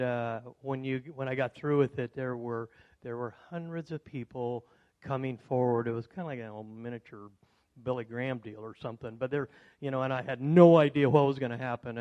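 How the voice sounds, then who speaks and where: A man's voice: mid-range voice, dull audio. Man telling a rambling personal story. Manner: rambling, many fillers and restarts; grows loud and excited when recounting surprises. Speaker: speaker at a club meeting. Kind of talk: personal story told to an audience.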